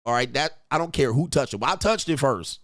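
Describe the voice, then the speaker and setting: Reacting to a viral clip, a commentator speaks briskly at medium pitch, blunt and full of profanity as he animatedly mimics what people say. The audio is studio quality with no room sound.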